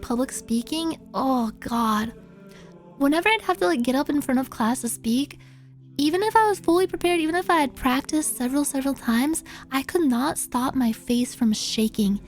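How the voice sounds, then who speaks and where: A streamer chats casually while reading out viewer confessions. She's animated, bursting into squeaky outbursts and swearing freely.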